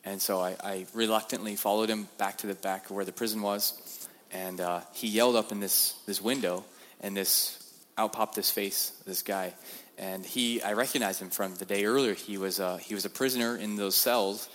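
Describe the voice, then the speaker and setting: Low-voiced man giving a church testimony. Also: normal speed, a little hiss or hum. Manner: animated storyteller, repeats words, acts out quotes. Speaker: guest speaker. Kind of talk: sermon-style testimony. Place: church sanctuary. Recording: reverberant church hall.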